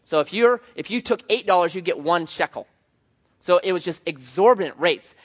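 A man preaching a sermon as pastor, telling stories in an animated way with voiced asides. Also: sits high, moderate pace, muffled recording.

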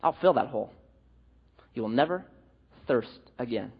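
A man voicing a solemn male teacher speaking slowly and quietly, in an echoey hall with dull sound. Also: medium pitch, animated, slightly rough, voice pushed down. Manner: slow, hushed and solemn.

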